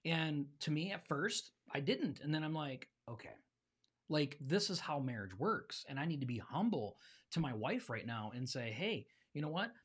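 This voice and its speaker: Calm, reflective man podcast co-host. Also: fairly high pitch, moderate pace, husky. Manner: calm, reflective, explains step by step. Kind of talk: casual chat.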